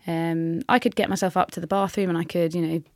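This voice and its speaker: A woman, a hockey player telling her story candidly in an interview, with frequent halting restarts. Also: fairly low pitch, flat delivery, dry recording, studio quality.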